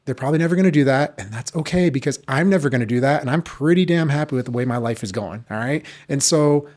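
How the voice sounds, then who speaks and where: Speaking fast in a medium-pitched, slightly mellow voice, a man swaps stories as a podcast guest. He coaches jiu-jitsu, and his casual, rambling talk is loaded with fillers and easy profanity.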